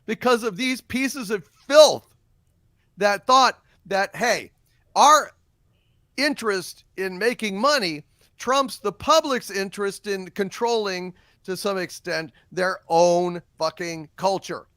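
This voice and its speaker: A man's voice: high-pitched, no echo. A man hosting a casual panel discussion who rants heatedly and swears. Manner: heated, swearing, animated rant. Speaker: show host.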